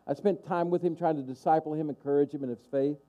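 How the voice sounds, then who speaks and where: A man's voice: on the high side, fairly even intonation, fast, warm tone, lo-fi sound. A man pastor preaching a sermon, stirring and passionate, calling out to the congregation. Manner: impassioned preaching with call-and-response asides.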